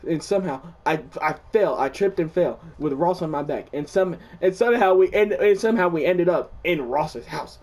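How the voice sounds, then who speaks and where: A young man casually telling the story of a dream, excitable, swearing often and restarting his sentences. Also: a little high, moderate pace, few pauses. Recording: distant mic.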